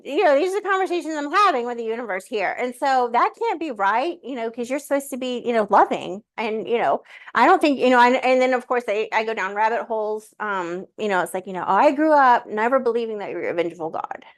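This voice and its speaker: Chatty woman telling an animated story. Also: fairly high pitch, a little fast. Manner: animated, many fillers, acts out her talks with the universe. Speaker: guest sharing a personal story. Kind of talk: casual conversational storytelling.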